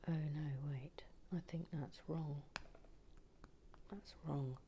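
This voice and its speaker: A woman chatting casually to a live stream as she builds a kit, often dropping to a soft whisper and muttering to herself. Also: low voice, steady tone, slow, slight background noise. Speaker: streamer building a brick kit and reading chat.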